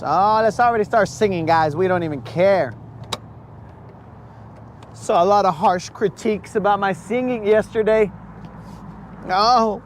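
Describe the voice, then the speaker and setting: A man's voice: high voice, a little slow, long pauses, slight background noise. A man hosting a casual fishing livestream from a boat on a lake, hyped and slangy, talking straight to his viewers.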